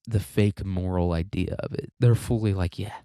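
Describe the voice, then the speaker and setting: Low, dark-voiced sarcastic male host. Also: fairly even intonation, normal speed, smooth, dry recording, studio quality. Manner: sarcastic, profane, rambling. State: congested, coughing. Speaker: podcast host. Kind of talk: casual political commentary monologue.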